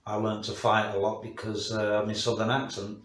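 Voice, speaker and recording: Fifties northern English man, deep-ish and candid, testimony recorded in a reverberant church room. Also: flat delivery, fairly bright tone. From northern England. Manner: plain-spoken, candid, halting with fillers. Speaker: guest sharing his testimony. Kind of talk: personal testimony interview. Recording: echoey room.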